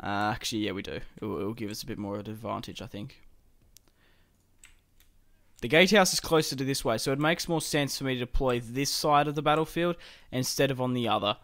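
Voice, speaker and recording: A man's voice: mid-range voice, a little fast, fairly bright tone. A young man hosting a let's-play, casually talking through a strategy game, swearing and laughing as he plays. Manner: casual and chatty, swears and laughs while playing. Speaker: gaming channel host.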